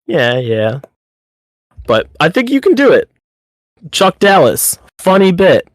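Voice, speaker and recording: A rambling, upbeat man chatting as a podcast co-host over an online call. His voice sits a bit high, and the sound is dry and close. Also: very animated, takes it slowly, no echo. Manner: rambling, upbeat, heavy use of 'like'. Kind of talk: casual chat.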